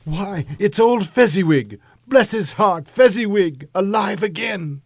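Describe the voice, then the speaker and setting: A man voicing an old miser in a storybook reading, husky and halting, stirred by old memories. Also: on the low side, no room sound, studio quality, heavily acted. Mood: nostalgic. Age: older. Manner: halting, then excited and nostalgic.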